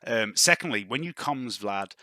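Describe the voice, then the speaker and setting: Lively, bright-voiced man running a tabletop game. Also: mid-range voice, normal speed. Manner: lively, laughs often, corrects himself mid-sentence. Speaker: game master.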